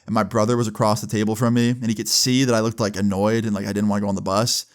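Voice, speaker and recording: A man telling a personal story in a casual vlog, animated and profane, with sudden jumps in pitch. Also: very fast, clear, resonant tone. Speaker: storyteller vlogger.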